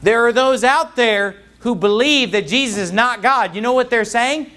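A man's voice: extremely high pitch, normal speed, sharp tone. A man preaching a sermon, reading scripture aloud and explaining it with mounting passion. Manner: impassioned, reads scripture aloud in King James wording.

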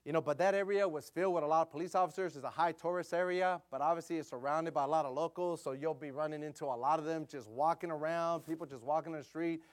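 Energetic preacher man telling a mission story. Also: on the high side, fast, few pauses. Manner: conversational storytelling with fillers, rising to loud bursts.

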